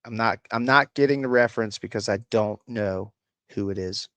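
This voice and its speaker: A man's voice: on the low side, normal speed, a bit bright, clear, resonant tone, dry recording. A man with a slight Appalachian country accent, hosting a casual livestream, reading chat aloud and answering with crude, sarcastic swearing.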